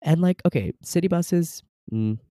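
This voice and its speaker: A man's voice: on the high side, lively intonation, measured pace, mellow, no echo. A sleepy young man co-hosting a podcast, joking in a dry way during casual chat. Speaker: podcast co-host.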